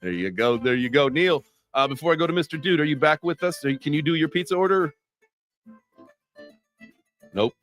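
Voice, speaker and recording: A man's voice: on the high side, animated, brisk, pauses often, fairly bright tone, faint music behind. A man hosting a casual crypto livestream, joking loosely and swearing freely. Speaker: host.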